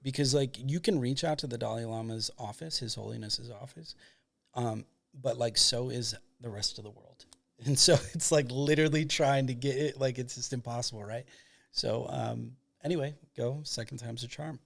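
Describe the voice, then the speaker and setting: A man's voice: medium pitch, moderate pace, creaky, fairly bright tone. A man from Michigan, a documentary filmmaker, tells a long anecdote as a podcast guest in a rambling way full of fillers. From Michigan, United States. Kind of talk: casual storytelling.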